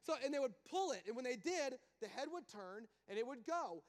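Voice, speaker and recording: A man preaching a sermon as a pastor, in an animated, conversational storytelling manner with asides, in a large church hall. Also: very high voice, brisk. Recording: long hall reverb.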